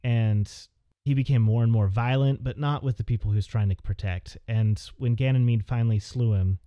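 A man's voice: medium pitch, steady tone, moderate pace, dry recording, dull audio. A man running a tabletop game as game master, narrating in a meandering way with many fillers.

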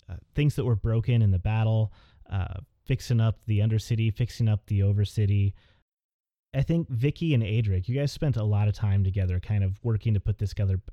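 Brief: game master, rambling narrator, dark dry voice, low register. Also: male voice, no room sound. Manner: meandering, filler-heavy narration.

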